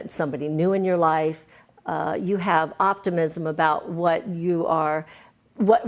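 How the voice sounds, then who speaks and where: A woman interview guest talking earnestly and encouragingly, often checking in with "right?". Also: fairly low pitch. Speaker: guest, singer-songwriter and author. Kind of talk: candid interview conversation.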